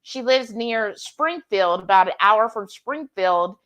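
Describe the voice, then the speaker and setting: On a live cooking stream, a female co-host calls out viewers by name and animatedly reads their comments aloud. She talks at a slow pace with a medium-pitched voice.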